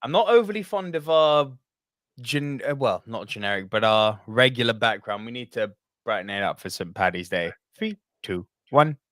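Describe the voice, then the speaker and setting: A man's voice: mid-range voice, lively intonation, moderate pace, a bit bright, no echo, clean studio sound. A man co-hosting a casual movie podcast, jokey, laughing often and swearing freely. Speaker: podcast co-host. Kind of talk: casual chat.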